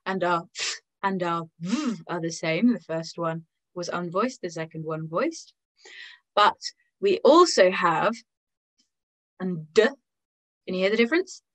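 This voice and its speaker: A woman with an English accent leading an online singing lesson, gently encouraging and demonstrating sounds aloud. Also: lowish voice, animated, a little slow, pauses often, rough recording. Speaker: singing teacher.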